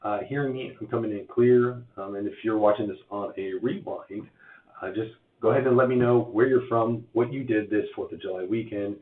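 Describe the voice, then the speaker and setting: A man with a hoarse voice from losing it, giving a chatty live-stream update on mortgage rates, full of uhs and restarts. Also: lowish voice, a little fast. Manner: chatty, filler-heavy, many uhs and restarts. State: hoarse, lost voice. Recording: tinny phone-like sound in an echoey room.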